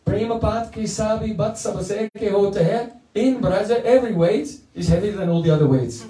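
High-voiced man giving a devotional lecture. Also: normal speed, mellow. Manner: playful storytelling, chants verses in song. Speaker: spiritual teacher. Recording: echoey room, mic at a distance.

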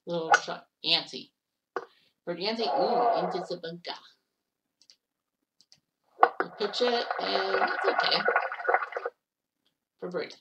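A woman casually calling the shots in a golf video game, chatty and quick to blurt out exclamations. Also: fairly low pitch. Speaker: game commentator. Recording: distant mic with loud background noise.

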